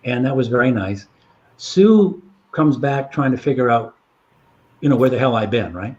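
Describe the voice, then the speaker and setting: A man's voice: mid-range voice, lively intonation, normal speed, darkish tone, muffled recording. A man telling long anecdotes in a casual chat. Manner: rambling anecdotal storytelling. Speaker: guest storyteller.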